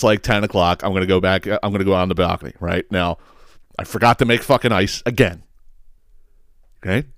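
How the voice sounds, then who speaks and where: A man's voice: sits low, dry recording, studio quality. Profane, rambling male podcast host. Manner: profane, rambling, self-interrupting, laughs at own story. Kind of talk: casual storytelling monologue.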